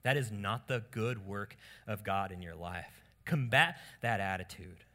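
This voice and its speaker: A man preaching a sermon on marriage in an animated way, acting out quoted lines in different voices. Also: lowish voice, unhurried. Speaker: pastor.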